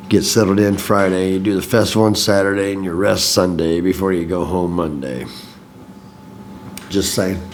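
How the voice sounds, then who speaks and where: Host, male, from Illinois, lowish voice, loose profane monologue, slight room hum. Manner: rambling, profane, self-deprecating. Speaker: podcast host. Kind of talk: casual monologue recap.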